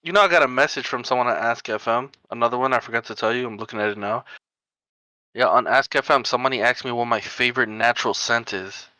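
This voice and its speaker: A young man with a bright, forceful voice talks loosely and bluntly on a podcast, laughing between lines. The sound is close and dry, with no room around it. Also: mid-range voice, fast talker, no room sound, poor audio. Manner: blunt, unfiltered, laughs often. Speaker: podcast co-host. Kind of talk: casual chat.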